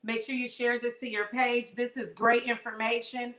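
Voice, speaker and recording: Bright, echoey woman retelling a story. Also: a little high, normal speed. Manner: animated storytelling, asks viewers questions. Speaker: online book study host. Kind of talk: live-streamed book lesson, retelling and reading aloud.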